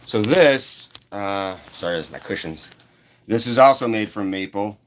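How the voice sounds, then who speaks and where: A man hosting his first casual woodworking livestream from a cluttered home office, talking in a halting, rambling way with lots of fillers. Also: on the low side, lively intonation, slight background noise. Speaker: woodworking channel host.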